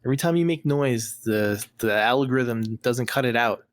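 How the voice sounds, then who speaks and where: A man's voice: medium pitch, moderate pace, dry recording, clean studio sound. Wry, teasing man hosting a podcast. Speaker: podcast host. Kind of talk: casual podcast chat.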